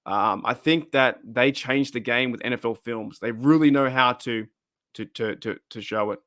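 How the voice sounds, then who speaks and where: A man's voice: mid-range voice, normal speed, a bit bright, dry recording, clean studio sound. A man hosts a casual livestream, rambling and swearing as he answers chat, his voice wearing thin. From Australia. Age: 30s. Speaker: livestream host.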